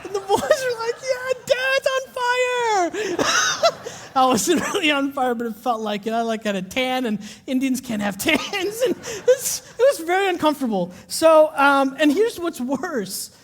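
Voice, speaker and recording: A man preaching a live sermon, telling stories with animated energy and then dropping to quiet, intense urging. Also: very high voice, normal speed, few pauses, noisy background. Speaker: pastor. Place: church auditorium, live congregation. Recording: long hall reverb from a live church auditorium.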